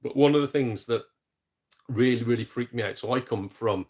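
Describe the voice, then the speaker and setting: A man's voice: medium pitch, darkish tone. A young man, chatting casually on a gaming live stream, joking, laughing easily and swearing mildly. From England, Shropshire near the Welsh border. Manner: chatty, jokey, quick laughs, mild swearing.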